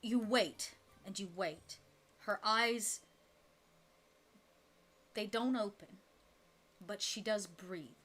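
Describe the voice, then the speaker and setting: A woman narrating a tabletop role-playing game as game master, soft and unhurried, with frequent fillers. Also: mid-range voice.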